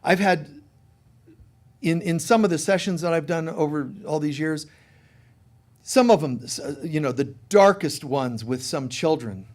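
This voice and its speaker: A middle-aged man with a high, light voice delivers a conversational sermon. He tells stories in an animated way and acts out the voices of the people he quotes, moving between soft asides and brighter, louder lines. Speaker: spiritual teacher.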